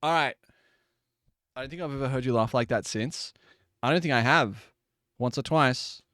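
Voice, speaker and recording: A man's voice: mid-range voice, normal speed, fairly bright tone, dry recording, studio quality. A man live-streaming from his desk at home, chatting casually, joking, laughing and swearing while he bakes.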